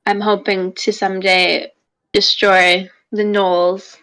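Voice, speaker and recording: A woman voicing a young adventurer reading a letter home, hesitant and full of pauses. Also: medium pitch, little pitch movement, a bit bright, rough recording. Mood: earnest. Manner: hesitant, with many ums.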